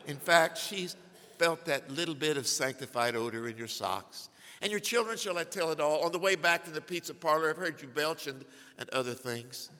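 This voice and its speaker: Bright-voiced older pastor preaching in a hall. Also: male voice, fairly high pitch. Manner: humorous storytelling with big swings from hushed to loud. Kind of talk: sermon. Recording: long hall reverb.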